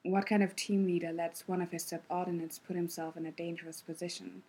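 A teasing male ninja leader murmurs low and close in whispered role-play, voiced by a woman. His breathy, husky voice stays soft and hushed. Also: level tone, a little fast.

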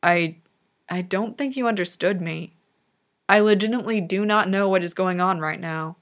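A woman's voice: mid-range voice, moderate pace, a bit bright, lightly acted. Woman reading as a stunned, awkward young man. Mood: bewildered.

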